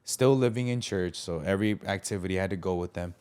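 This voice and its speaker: A man's voice: sits low, quick pace, clear, resonant tone. A young man hosting a podcast, telling a personal story in a casual, slangy way and acting out what others said. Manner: animated, acts out the quoted lines of others; casual, slangy, many fillers. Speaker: podcast host.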